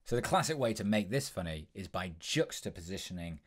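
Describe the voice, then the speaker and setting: Low-voiced young man teaching impressions. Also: lively intonation. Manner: brisk, instructive, with frequent ums. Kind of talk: tutorial explanation.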